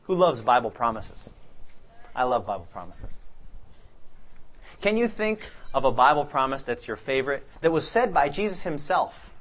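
Lively preacher quizzing his congregation. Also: mid-range voice, normal speed. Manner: questions the congregation and fills in the answers. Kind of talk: interactive sermon.

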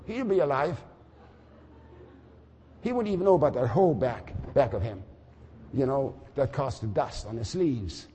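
An older man preaching a sermon, swinging from quiet musing to shouting. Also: medium pitch, expressive, moderate pace, pauses often, long reverb tail, slight background noise.

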